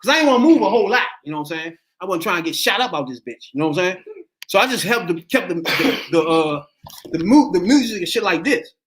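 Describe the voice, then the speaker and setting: A man's voice: high voice, fast talker. A middle-aged man hosting a podcast, telling a story in casual chat and acting out the voices in it. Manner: animated, acts out voices in his story. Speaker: podcast host.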